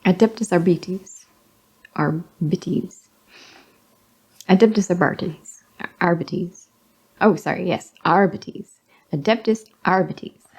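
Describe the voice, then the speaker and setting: Slow, gravelly-voiced woman reading aloud. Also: on the low side, darkish tone. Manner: sounds out words, self-correcting and amused. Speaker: hobby vlogger. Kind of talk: reading a magazine aloud with commentary.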